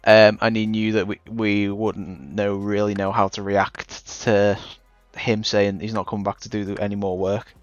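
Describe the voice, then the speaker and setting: A man's voice: on the low side, flat delivery, moderate pace, few pauses, no room sound, soft background music. A young man with a Scouse accent chatting casually while streaming a game, rambling and cutting himself off mid-sentence. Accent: Liverpool (Scouse). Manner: rambling, chatty, self-interrupting. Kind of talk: casual chat while gaming. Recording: dull dry stream audio.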